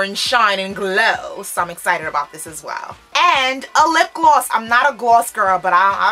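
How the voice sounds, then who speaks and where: A young adult woman hosting a casual makeup first-impression vlog, bubbly and expressive, full of slang. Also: mid-range voice. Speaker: beauty vlogger. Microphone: camera framed close.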